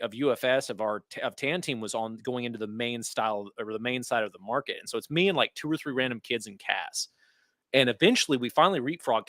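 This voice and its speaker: Man, podcast co-host, bright tense voice, animated profane storytelling, dry recording. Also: mid-range voice, no room sound. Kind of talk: casual chat.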